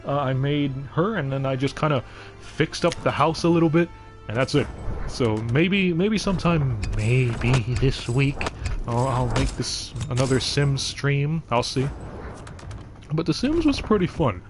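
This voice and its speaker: A man's voice: medium pitch, animated, measured pace, over music. A young man streaming live, chatting casually in a rambling way with lots of fillers and restarts. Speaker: game streamer.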